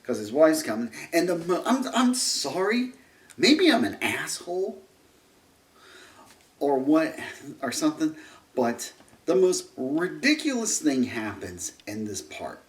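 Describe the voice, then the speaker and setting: A man's voice: a little high, sing-song, slow pace. A man ranting through a film review, rambling, restarting sentences and turning sarcastic. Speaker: movie reviewer. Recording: roomy echo, distant mic.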